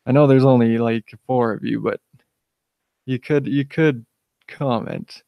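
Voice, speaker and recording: A young man talks into a desk microphone on his live stream, stoned and rambling. His voice sits in an ordinary middle pitch, and the sound is dry with no room around it. He airs blunt opinions and keeps restarting his sentences, padding them with "you know.". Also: fairly even intonation, a little slow, vocal fry, clear, resonant tone, dry recording, dull audio. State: high on cannabis. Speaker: channel host live-streaming.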